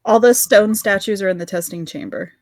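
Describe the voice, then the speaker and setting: A woman player at a tabletop game, easygoing and quick to giggle. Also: medium pitch. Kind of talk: casual tabletop play.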